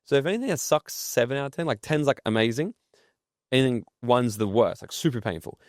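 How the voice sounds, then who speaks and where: A man's voice: mid-range voice, lively intonation, a little fast, no echo, clean studio sound. An entrepreneur speaking as a podcast guest, blunt and profane, telling stories to make his points. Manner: blunt, swears freely, tells stories. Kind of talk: casual podcast interview.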